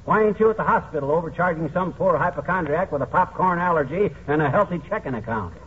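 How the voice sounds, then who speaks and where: An actor playing a boastful, blustering middle-aged husband with pompous speechifying, in a 1940s radio comedy. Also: male voice, a little high, lively intonation, fast talker, a bit bright. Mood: blustery. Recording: tinny old radio broadcast, faint hiss.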